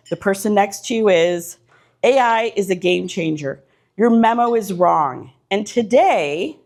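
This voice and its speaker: A woman's voice: mid-range voice, a little mellow. A middle-aged woman giving a motivational talk to a live audience in an event room, punchy and direct, stacking short repeated phrases. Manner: punchy, direct, repetitive lists. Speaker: keynote speaker.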